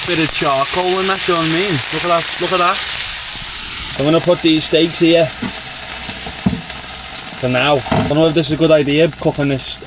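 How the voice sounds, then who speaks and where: A man's voice: on the high side, very noisy. A young man, chatting casually to camera in a campervan, rambling with lots of fillers. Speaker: travel vlogger. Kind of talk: casual vlog chat to camera. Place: inside a small campervan.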